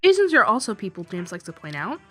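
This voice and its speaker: A woman's voice: mid-range voice, wildly swooping pitch, quick pace. Lady narrating a callout video essay, mid voice, faint music behind.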